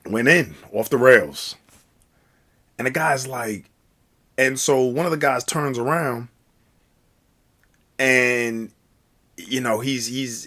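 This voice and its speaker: A man's voice: mid-range voice, a bit bright. A man telling a casual personal story, rambling with many fillers and restarts. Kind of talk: casual spoken anecdote.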